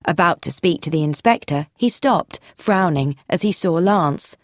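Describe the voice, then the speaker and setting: A woman reading a mystery story aloud as narrator, in an expressive reading style. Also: on the low side, moderate pace, no echo, studio quality. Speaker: audiobook narrator. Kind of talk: scripted narration.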